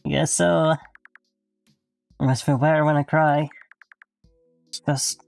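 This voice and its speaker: A man's voice: a little high, little pitch movement, a little slow, gravelly, no room sound, soft background music. A man voicing a teary, self-conscious young man in a visual novel, bashful and apologetic. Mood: weepy. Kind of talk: reading a visual novel aloud.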